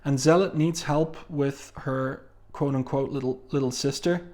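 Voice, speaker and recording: A man's voice: medium pitch, fairly even intonation, measured pace, a little mellow. A man talking casually through a comic book review, reading quotes from the panels aloud, with frequent fillers and asides.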